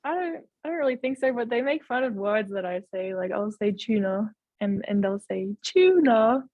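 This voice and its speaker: Laughing between phrases, a young Australian college basketball player chats casually in a video-call interview. She has a medium-pitched voice at a moderate pace, and the sound is phone quality with no echo.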